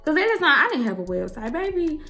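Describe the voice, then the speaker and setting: With soft music in the background, a young woman who runs her own hairstyling business recounts her story to camera in a quick, sing-song voice that sits high and sounds pushed and bright. She is blunt and emphatic, swears freely, and addresses viewers as "girl" and "y'all."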